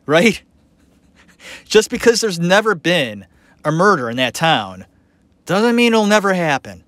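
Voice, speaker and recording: A man's voice: high voice, measured pace, dry recording. A man hosting a podcast, talking through a documentary in a casual, opinionated and rambling way. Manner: animated, opinionated, rambling with fillers. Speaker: podcast host. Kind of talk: casual commentary.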